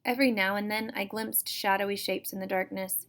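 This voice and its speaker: Woman reading a storybook in a flat, steady voice. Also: medium pitch, brisk. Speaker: teacher reading to students. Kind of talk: first-person storybook read-aloud.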